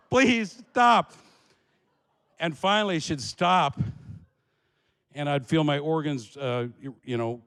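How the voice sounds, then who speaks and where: A man from Alaska telling a comic story about himself, animated and laughing as he goes. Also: on the high side, smooth, big-room sound.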